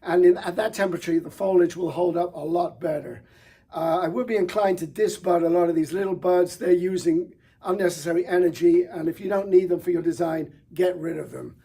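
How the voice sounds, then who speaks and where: Husky-voiced enthusiastic male florist. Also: sits high, fairly even intonation, a little fast, dark tone. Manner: enthusiastic, chatty, with fillers and restarts. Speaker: florist presenter. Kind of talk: product showcase demonstration.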